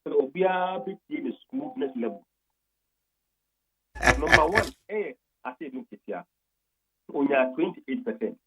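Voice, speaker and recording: A man's voice: on the high side, expressive, unhurried, long pauses, background noise. A Ghanaian man on a radio talk show, methodically reading out a long list of poll figures and explaining the results. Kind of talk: radio talk, switching between English and Twi.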